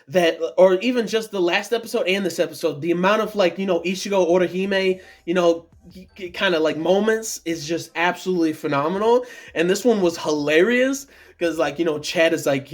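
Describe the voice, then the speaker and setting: Excited rambling man, slightly high voice. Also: moderate pace, faint music behind. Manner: rambling, many fillers and restarts, excited. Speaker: anime reaction vlogger. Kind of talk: casual monologue review.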